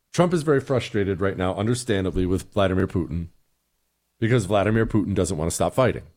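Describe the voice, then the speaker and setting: A middle-aged talk show host with a fairly low, darkish voice answers listener emails and delivers blunt, exasperated opinions. When quoting others, he slips into mocking voices.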